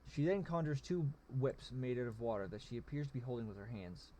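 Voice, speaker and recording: A man's voice: medium pitch, lively intonation, brisk, dark tone. Man casually reading a story game. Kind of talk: narrating a text adventure.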